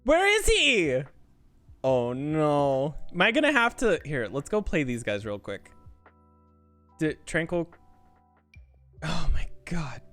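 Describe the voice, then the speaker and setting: A man streaming a video game, swearing, yelling at the game and laughing in bursts of frantic protest. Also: a little high, very animated, slow pace, long pauses, soft background music. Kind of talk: live-streamed gameplay commentary.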